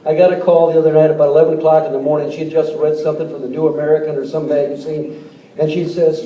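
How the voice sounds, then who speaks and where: Older man in his sixties, politician on stage, joke-telling stump speech, high voice, roomy hall with an audience. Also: little pitch movement, fast, warm tone. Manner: folksy, tells jokes, repeats words. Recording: echoey hall, distant mic, crowd noise.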